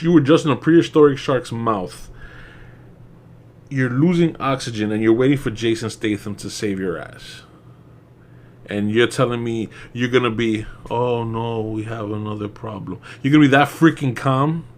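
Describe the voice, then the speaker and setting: A man's voice: mid-range voice, normal speed, a little mellow. Young man, casual movie reviewer, rambling and profane, laughs often.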